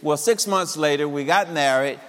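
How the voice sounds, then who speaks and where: Animated storytelling man in a hall. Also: fairly high pitch, moderate pace. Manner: animated storyteller, laughs often. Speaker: speaker addressing singles. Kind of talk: personal storytelling talk.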